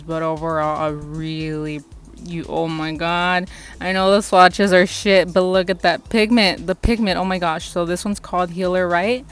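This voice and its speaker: Gushing young woman with a smooth voice. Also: on the low side. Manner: gushing, excitable, swears freely. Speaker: beauty vlogger. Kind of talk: casual product review.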